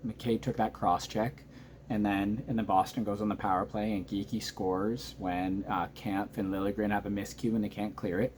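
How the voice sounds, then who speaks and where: A man recapping a hockey game at home at night, talking quietly but keyed up and emotional, rambling through the plays. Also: lowish voice, level tone, moderate pace, slight background noise. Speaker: hockey fan reacting to a game. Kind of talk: excited post-game reaction monologue.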